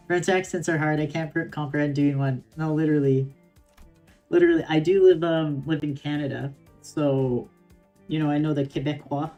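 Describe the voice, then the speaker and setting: A woman's voice: deep voice, fairly even intonation, moderate pace, mellow, faint music behind. A woman streamer reading a game story aloud on stream, reacting with playful giggles.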